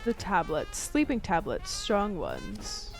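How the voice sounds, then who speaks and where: A woman's voice: on the low side, wildly swooping pitch, slow, soft background music. Chatty woman reading game text aloud. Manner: chatty, reads text aloud, mutters choices to herself. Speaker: streamer. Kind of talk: reading aloud while playing a story game.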